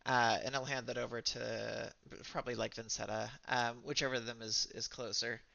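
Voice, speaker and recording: A man's voice: mid-range voice, level tone, normal speed, gravelly, pushed and bright, dry recording. A man narrating as game master, rambling with many fillers. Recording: dry dull lo-fi mic.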